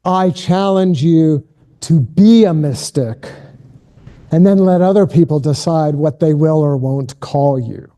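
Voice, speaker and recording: A man's voice: on the high side, a little slow, dark tone, natural voice. A man putting on a kindly but firm older English theologian, half-trying a Mancunian accent he says he cannot do. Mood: firm, encouraging. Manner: attempting a Mancunian accent, admits he can't. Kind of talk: quoted anecdote in a keynote talk.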